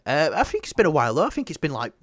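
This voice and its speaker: A man's voice: on the high side, wildly swooping pitch, very fast, no echo, clean studio sound. A man co-hosting a casual movie news podcast, joking crudely and swearing freely. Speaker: podcast co-host.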